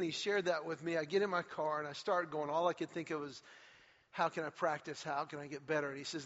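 A male pastor giving a sermon, telling a story with lively acted-out quotes and climbing energy. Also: on the high side. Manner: animated storyteller, acts out quotes with rising energy. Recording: muffled hall recording with long reverb.

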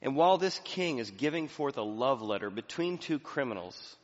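A male pastor preaching a sermon in a church, swinging from soft, low passages to loud, emphatic ones. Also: expressive, moderate pace. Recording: reverberant hall, slightly dull sound.

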